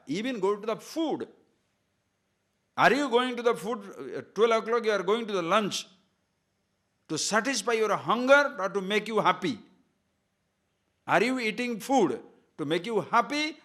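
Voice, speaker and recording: A man's voice: high voice, fairly bright tone. A man giving a discourse on scripture as a spiritual teacher, emphatic and full of rhetorical questions, sometimes chanting verses in Sanskrit.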